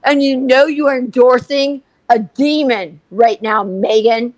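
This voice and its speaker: High-voiced woman ranting in fury. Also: measured pace, darkish tone, no room sound, low-quality recording. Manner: furious, profane ranting. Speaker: co-host. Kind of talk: livestream commentary.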